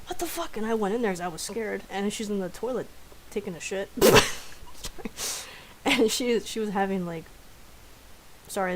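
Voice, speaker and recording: A woman's voice: on the low side, a little hiss or hum, low-quality recording. Chatty, profane young woman streamer. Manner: chatty, profane, laughs often, acts out quotes. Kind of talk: casual storytelling on a live stream.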